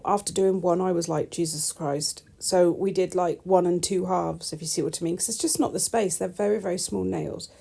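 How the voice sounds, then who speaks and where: A woman's voice: lowish voice, dark tone. A woman, a nail technician, chatting casually over her tutorial with wry, self-deprecating asides.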